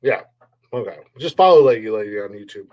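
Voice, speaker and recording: A man's voice: lowish voice, lively intonation, a little fast, a little mellow, dull audio. Profane hype-man podcast co-host. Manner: profane, rambling, hypes like a wrestling announcer. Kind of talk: casual comedy podcast banter.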